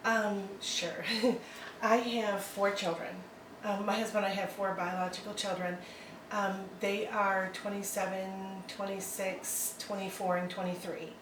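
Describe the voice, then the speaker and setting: A woman's voice: mid-range voice, level tone, unhurried, far from the mic, background noise. Hesitant, rambling woman in an echoey room. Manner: rambling, hesitant, many ums and likes, laughs often. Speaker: adoptive mother, interview guest. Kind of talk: casual interview. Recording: roomy echo, from off-mic, faint ambience.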